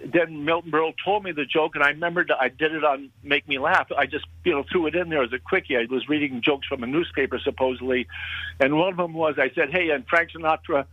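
A man's voice: a little high, quick pace, no room sound. An older man from Canada, a guest comedian, tells a long story in a casual interview, full of fillers, restarts and chuckles. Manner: rambling anecdotal storytelling with frequent fillers and chuckles. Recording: dull lo-fi, dry sound.

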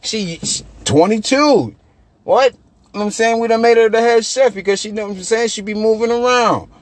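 A young man, a podcast host telling profane, animated stories with loose repetitions. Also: extremely high pitch, fast talker, no echo. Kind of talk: casual chat.

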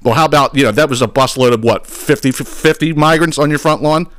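A man's voice: fairly high pitch, a little fast, fairly bright tone, dry recording, clean studio sound. Angry swearing male podcast ranter. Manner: angry, sarcastic, swears a lot. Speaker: podcast host. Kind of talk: profane political rant.

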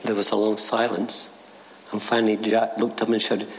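Older minister in a reverberant church. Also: male voice, lowish voice, flat delivery, normal speed, slight background noise. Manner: gentle storytelling, acts out voices in quotes. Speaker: retired minister. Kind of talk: short sermon with a told joke.

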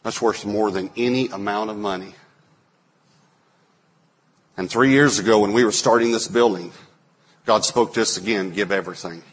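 A man in his forties, a pastor preaching a sermon, telling stories and acting out quotes with sudden loud bursts. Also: lowish voice, moderate pace, pauses often, husky. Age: 40s.

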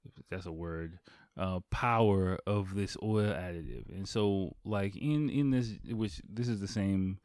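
A man with a low voice tells a long personal story as a podcast host. He rambles, swears casually and restarts his sentences. The recording is dry and close, with no room sound. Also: unhurried, darkish tone, no echo. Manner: rambling and profane, lots of fillers and restarts.

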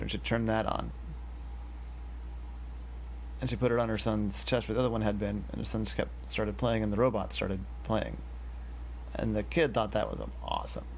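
A man telling an improvised story in an unhurried way, as if making it up as he goes. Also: fairly low pitch, vocal fry, slight background noise.

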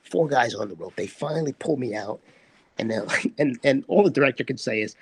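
A man, an actor guest, telling a set story in conversation as an animated storyteller who acts out the quotes. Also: medium pitch, a little fast, slightly rough.

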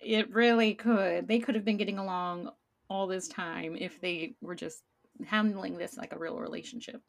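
A woman's voice: mid-range voice, fairly even intonation, moderate pace, vocal fry. A woman co-hosting a casual recap chat, agreeable and reflective, laughing often. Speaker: podcast co-host.

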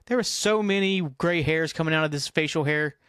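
A man's voice: fairly high pitch, brisk, fairly bright tone, clear, resonant tone, dry recording, clean studio sound. A middle-aged man hosting a solo podcast, chatting in a scattered, self-mocking, profane way. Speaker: podcast host. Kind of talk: rambling solo podcast chat.

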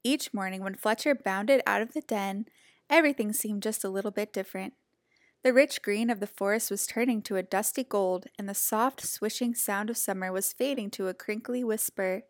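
A woman reading a children's picture book aloud in a gentle, expressive storytelling voice. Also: mid-range voice, normal speed, no room sound, clean studio sound.

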